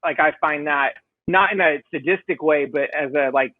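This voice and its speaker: Guy on a podcast, kinda high voice, rambling and self-deprecating, lots of ums, thin phone-like sound, dry. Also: moderate pace, no room sound. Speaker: podcast guest, band vocalist. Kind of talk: casual interview chat.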